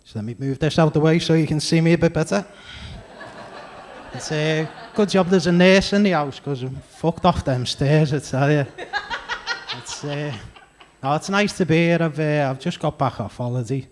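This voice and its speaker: A man's voice: on the high side, moderate pace, noisy background. A man with a Scouse accent doing a stand-up comedy set on a club stage, chatty and self-deprecating, with crude punchlines. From Liverpool area, England.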